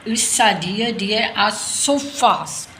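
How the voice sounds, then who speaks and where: A woman with a medium-pitched, sharp voice talks slowly to toddlers during a lesson on animals, using simple sentences and many questions. The recording has room echo and faint noise.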